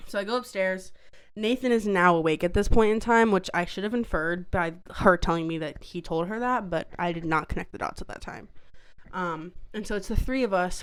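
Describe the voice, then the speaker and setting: A woman podcast co-host tells a story in loose, rambling chat, swearing freely and saying "like" constantly. Her voice is smooth, medium-pitched, and fairly bright.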